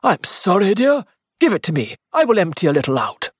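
A woman's voice: medium pitch, very animated, fairly quick, slightly rough, dry recording, clean studio sound, pitched above the performer's own voice. A woman reader voicing a self-important, gossiping older spinster who disapproves of her neighbours. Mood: gossipy, self-important.

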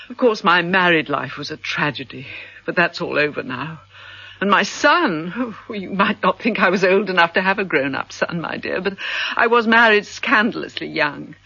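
A sentimental rich widow who gushes and sighs through every sentence, her pitch swooping widely in a bright, slightly husky voice. It sounds like an old radio play, dull and lo-fi, with a dry close sound. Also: no room sound, full character voice. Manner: effusive, melodramatic, sighing. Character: gushing wealthy middle-aged widow, self-pitying and sentimental. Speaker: character in a radio drama. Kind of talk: radio drama acting.

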